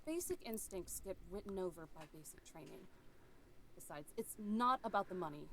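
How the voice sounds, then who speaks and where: A woman's voice: mid-range voice, animated, normal speed, a bit bright. A woman voicing a young woman park ranger who answers in dry, level retorts, in a game. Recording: music behind.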